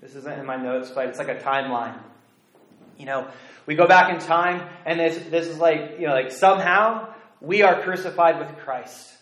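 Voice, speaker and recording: A man preaching a sermon as a pastor, earnest and deliberate, dropping to a hush on key phrases. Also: fairly high pitch, reverberant, poor audio. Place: church sanctuary.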